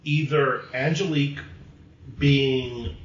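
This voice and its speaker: A man's voice: medium pitch, fairly even intonation, slow pace, slight background noise. Opinionated man in an echoey room. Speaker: podcast co-host. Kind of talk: casual movie discussion. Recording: echoey room, dull lo-fi sound.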